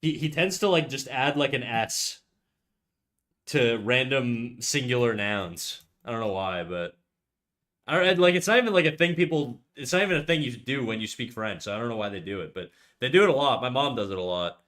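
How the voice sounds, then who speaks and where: Young canadian guy rambling on his art stream, chill, swears a bunch, mid pitch. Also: expressive, moderate pace, fairly bright tone. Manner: rambling, laid-back, swears freely. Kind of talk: casual chat while drawing.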